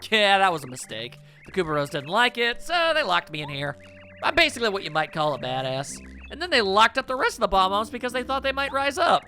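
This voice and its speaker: A man putting on a feisty little bomb girl from a video game, her voice pushed up high and bouncing all over as she rants and cheers. Her tone is bright and sharp, with soft music in the background. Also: sing-song, heavily acted. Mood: chatty. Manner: spunky, quick to anger, pitched up high. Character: feisty young female bomb creature. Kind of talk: voicing game dialogue.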